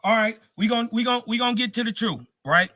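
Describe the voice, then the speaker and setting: A man's voice: extremely high pitch, fast talker, sharp tone, no room sound. A man hosting a live stream, slangy and combative in a heated debate, cutting in and talking over his guest. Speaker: livestream host.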